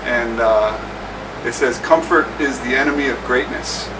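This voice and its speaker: A man casually recalling how he met his training partner, in a relaxed, halting way with many fillers. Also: medium pitch, noisy background. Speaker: interviewee, paddling coach. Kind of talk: casual recollection. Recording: distant mic with faint music.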